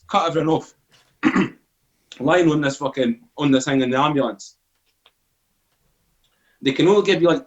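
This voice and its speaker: A man's voice: on the high side, muffled recording. A Scottish man in his forties, a podcast guest telling a story in casual, swearing talk and acting out what people said. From Scotland. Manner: swearing, animated, acts out quoted dialogue.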